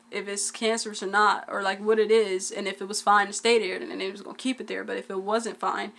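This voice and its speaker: A woman's voice: mid-range voice, fairly bright tone. A young woman, telling a family story in casual vlog chat, full of "like"s. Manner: casual, dialect-heavy storytelling with many "like"s. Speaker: twin vlogger.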